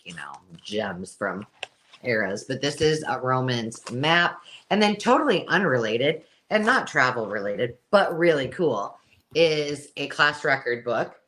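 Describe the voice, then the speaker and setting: A woman's voice: extremely low pitch, sing-song, a little slow, a bit bright, a little hiss or hum. A woman co-hosting a live craft supply sale, chatting casually and rambling with restarts. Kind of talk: casual live-stream chat.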